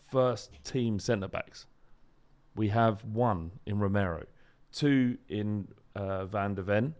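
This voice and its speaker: A man chatting and ranting on a football podcast, animated and jokey. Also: mid-range voice. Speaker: podcast host. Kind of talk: casual podcast banter.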